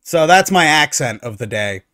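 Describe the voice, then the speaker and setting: Animated, sarcastic male streamer. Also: on the high side, moderate pace, no echo. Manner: animated, sarcastic, opinionated ranting. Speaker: streamer reacting to online posts. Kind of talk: casual reaction commentary.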